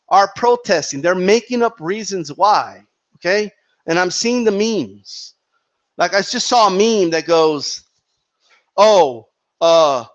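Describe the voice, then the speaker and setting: A fired-up man talks through his opinions in a fairly high voice, circling back to his points and tagging them with "right?" again and again. The sound is dull and lo-fi, like a cheap home mic. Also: a bit bright. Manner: heated, repetitive, peppers with "right?" and "okay?". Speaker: boxing commentary channel host. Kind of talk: opinionated commentary monologue.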